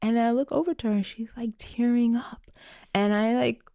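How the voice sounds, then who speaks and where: A woman's voice: on the high side, steady tone, brisk, mellow, dry recording, clean studio sound. A woman from a Caribbean family telling a personal story in a casual podcast conversation, laughing now and then and using many fillers. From Caribbean family, Jamaica. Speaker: podcast guest, parent.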